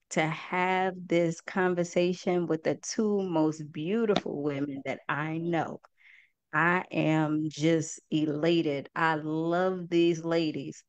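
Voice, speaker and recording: A woman's voice: fairly low pitch, fairly even intonation, slow pace, dry recording, lo-fi sound. A woman hosting a group talk for an online audience, speaking in a heartfelt, folksy way and often calling her listeners "y'all". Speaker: host and project founder.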